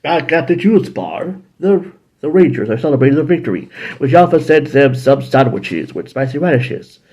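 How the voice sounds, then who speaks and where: A man with a husky, mellow voice talks through an episode recap in a loose, casual way. He rambles, stops to correct himself, and swings up and down in pitch. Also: very animated, moderate pace. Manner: rambling, self-correcting, jumps into high-pitched character voices. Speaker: show host reviewing episodes. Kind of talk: casual review with acted-out scenes.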